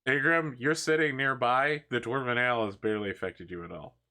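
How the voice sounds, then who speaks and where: A man's voice: mid-range voice, fairly quick, bright, forceful tone. A man narrating as game master of an online tabletop game, describing scenes and laughing often. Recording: online voice chat.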